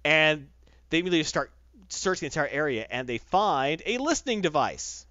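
Man, podcast host, casual comic recap, lively swinging pitch, dry muffled recording. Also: no echo. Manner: animated, slips into quick character voices while retelling.

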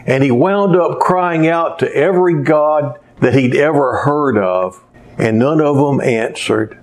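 A man's voice: on the high side, unhurried. A man preaching a sermon, telling stories and sometimes losing his place and starting over. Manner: rambling storyteller who loses his place and restarts. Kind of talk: sermon with storytelling.

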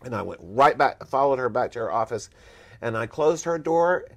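A man speaking as a guest in an interview, recounting his agent days with blunt emphasis. His voice sits at an ordinary middle pitch, and he drives his points home with firm, animated delivery. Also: moderate pace. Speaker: former talent agent.

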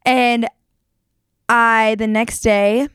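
Young woman host telling a story, kinda high smooth voice, super animated, dry close mic. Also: very slow, no room sound. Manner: animated, jumps to high pitch acting out quotes. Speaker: podcast host. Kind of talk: casual storytelling.

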